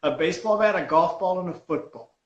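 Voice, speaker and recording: A man, a stunt comedian, telling a story in a lively, self-mocking way on a podcast. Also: sits high, brisk, reverberant, highs cut off. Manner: animated storyteller, laughs at himself. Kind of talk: casual storytelling on a podcast call.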